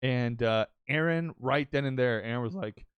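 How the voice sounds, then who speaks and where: A young man hosts a casual podcast, telling a story in an excitable rush full of swearing and false starts. His voice sits at a middling pitch. The recording is dry, with no room echo. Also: normal speed, clear, resonant tone, muffled recording. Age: young adult. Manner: excitable storytelling, swears often, many restarts. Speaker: podcast host and streamer. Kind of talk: casual chat.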